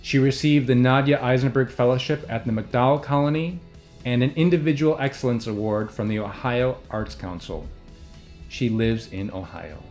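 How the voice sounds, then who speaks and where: A man from a poetry organization giving a calm, measured, formal introduction of a poet. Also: mid-range voice, soft background music. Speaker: event host introducing a poet. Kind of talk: scripted introduction.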